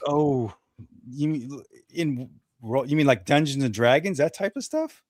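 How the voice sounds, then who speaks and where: A man's voice: medium pitch, animated, measured pace, a little mellow, no room sound, studio quality. A man guesting on a live stream, joshing and laughing along with the others. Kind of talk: casual stream chat.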